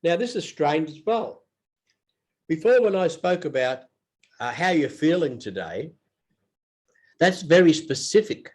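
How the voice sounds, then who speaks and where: Man, English teacher, unhurried, repeats phrases, unwell. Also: medium pitch, expressive, a little mellow. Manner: slow and repetitive, models phrases aloud. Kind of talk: casual spoken lesson.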